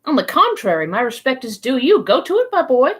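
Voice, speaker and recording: A woman's voice: high-pitched, very animated, brisk, husky, pitched above the performer's own voice, full character voice. A woman reading aloud, voicing a courteous, learned professor who speaks earnestly and coaxingly, rising to exclamations. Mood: urging. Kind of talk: read-aloud storybook voice.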